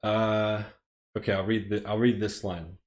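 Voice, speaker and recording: A man's voice: on the low side, level tone, measured pace. A man with an American accent, reading a script aloud on a live stream and rambling in self-deprecating asides. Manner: rambling and self-deprecating, chuckling between phrases. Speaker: streamer, host.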